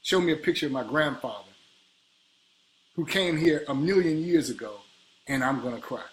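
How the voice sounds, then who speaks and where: A man's voice: fairly high pitch, lively intonation, moderate pace, close to an everyday voice, poor audio. Man doing a raised, whiny send-up of a tearful male mayor. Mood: mocking. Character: mocking impression of a weepy male mayor.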